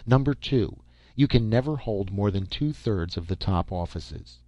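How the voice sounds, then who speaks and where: A man voicing a sharp-witted male agent who speaks in a calm, measured, matter-of-fact way, recorded on a dull lo-fi track. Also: on the low side, no room sound.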